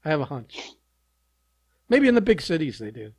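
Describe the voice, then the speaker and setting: A man's voice: on the high side, sing-song, normal speed, darkish tone, no room sound. A man co-hosting a podcast in casual chat, making wry quips with hesitant fillers. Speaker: podcast co-host.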